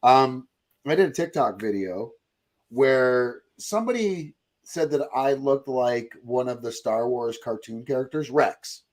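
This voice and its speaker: A man's voice: mid-range voice, animated. Rambling, joking male podcast host. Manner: joking, rambling, quick to laugh. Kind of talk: casual chat.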